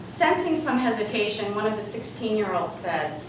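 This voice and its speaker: Woman guest speaker, lively comic storyteller, lots of pitch movement, recorded from far off in a very echoey hall. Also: moderate pace, noisy background. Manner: animated, comic timing. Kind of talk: humorous storytelling speech. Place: large hall with live audience. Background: room ambience and audience laughter.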